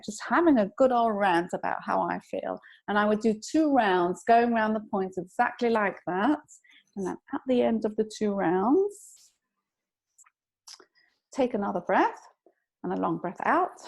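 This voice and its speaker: A woman guest, an EFT tapping practitioner, calmly explaining and walking through a technique. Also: mid-range voice, creaky.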